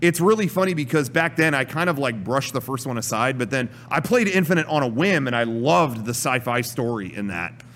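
A man co-hosting a casual podcast chat about video games, animated and prone to acting out gameplay. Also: medium pitch, brisk, hardly any pauses, a little hiss or hum. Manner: animated, acts out gameplay with loud exclamations. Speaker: podcast co-host.

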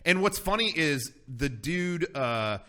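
Bright-voiced man telling stories. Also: on the high side, slow pace. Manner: animated, profane storytelling. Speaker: podcast host. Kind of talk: casual chat.

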